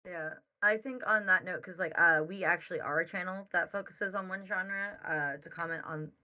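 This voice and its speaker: A woman's voice: fairly low pitch, steady tone, normal speed, pushed and bright, dull audio. A woman co-hosting a podcast, chatting casually and giving advice with lots of "like"s. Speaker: podcast co-host.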